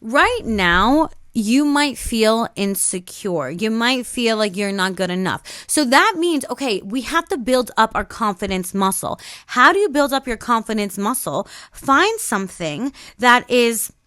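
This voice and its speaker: A woman hosting a self-help podcast, talking in a sassy, emphatic way and swinging from calm to loud exclamations. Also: a little high, unhurried, few pauses, no room sound, clean studio sound. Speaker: podcast host. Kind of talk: motivational self-help talk.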